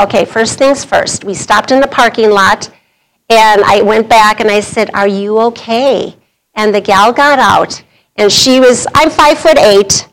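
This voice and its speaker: A middle-aged woman preaches to a women's group, sharing a personal story in a conversational way and laughing through the anecdotes. Her voice is fairly high and fairly bright, and the recording quality is low.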